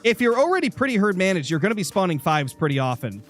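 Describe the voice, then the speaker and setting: A man's voice: high voice, big pitch swings, fast talker, soft background music. Young male streamer with a sore throat. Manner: chatty, answering chat messages. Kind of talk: live gaming stream commentary.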